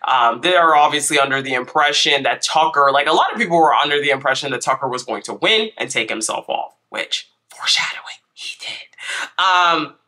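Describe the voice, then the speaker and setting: A man hosting a casual recap vlog, chatty and animated, his voice stuffy from a cold. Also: medium pitch, fast, few pauses. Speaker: YouTube host.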